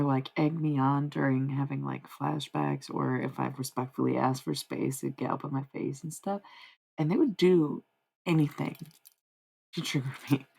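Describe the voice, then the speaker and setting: A young woman talks casually to her livestream chat, wandering off her point and circling back. Her voice sits a little low, with a husky edge and a good deal of vocal fry. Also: a little mellow, low-quality recording. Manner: rambling and easily sidetracked, talking to chat.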